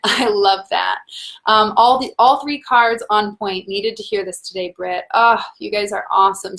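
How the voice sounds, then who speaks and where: A woman hosting a live tarot reading, talking warmly and encouragingly to her viewers, laughing often and reading out their comments. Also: mid-range voice, gravelly. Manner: warm, encouraging, talks to viewers as "guys".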